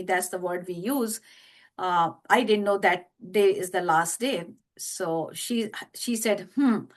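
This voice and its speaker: Woman telling a story haltingly. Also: mid-range voice, fairly bright tone. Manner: halting, with many fillers and restarts. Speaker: interview guest. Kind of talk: personal storytelling.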